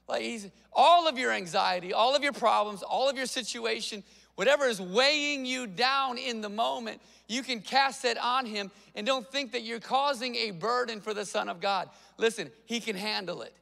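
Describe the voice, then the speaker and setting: Casting note: male pastor, high bright voice, animated sermon delivery, long hall reverb. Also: creaky. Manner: conversational, animated preaching with quick asides.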